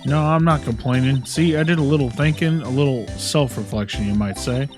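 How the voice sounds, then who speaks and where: A man's voice: mid-range voice, fairly quick, over music, close to an everyday voice. A man voicing a brash young Southern woman photographer with a put-on drawl, folksy and fond of bargaining. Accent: American Southern, put on.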